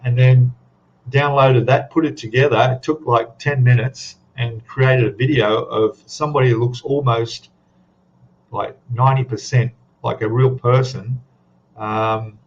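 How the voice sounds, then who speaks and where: An Australian man talks loosely to his live viewers, wandering from one thought to the next and tagging his remarks with a questioning "eh?". His voice sits in a middle pitch, and the stream audio sounds dull and lo-fi. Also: steady tone, a little slow. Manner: rambling, chatty, tags questions with "eh?". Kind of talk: casual chat to a live audience.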